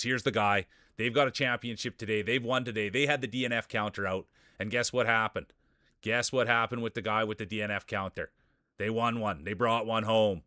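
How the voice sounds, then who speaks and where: A man's voice: fairly low pitch, sharp tone, smooth, no echo, clean studio sound. A man hosting a live stream, calling marble races like a hype announcer and greeting his viewers. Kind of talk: live-stream race commentary.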